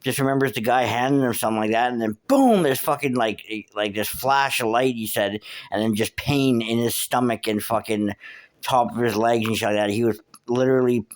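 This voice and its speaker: A man's voice: medium pitch, fairly even intonation, brisk. A man hosting a podcast, telling a rambling street story with lots of swearing and fillers. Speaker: podcast host. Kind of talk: casual storytelling monologue.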